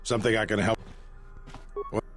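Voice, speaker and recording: A man's voice: fairly low pitch, flat delivery, moderate pace, a bit bright, faint music behind, natural voice. An actor playing a stern male station security officer in a video game, speaking curtly and in a businesslike way. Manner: curt, businesslike.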